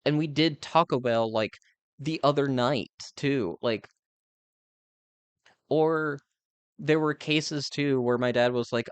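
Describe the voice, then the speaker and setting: A man's voice: mid-range voice, slow pace, pauses often, smooth, dry recording. A young man chatting casually as a live streamer, speaking candidly and rambling with lots of filler words. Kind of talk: casual chat.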